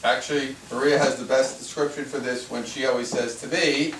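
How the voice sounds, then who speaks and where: A man with a mid-range, somewhat bright voice leads a workshop as a spiritual teacher before a small live audience, speaking fairly quickly with fairly even intonation. He repeats his points and poses rhetorical questions, recorded in an echoey room with a distant mic and faint noise.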